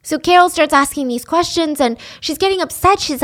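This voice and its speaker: A woman's voice: sits high, fairly quick, hardly any pauses, fairly bright tone. A young woman telling a true-crime story casually, with chatty, sarcastic asides.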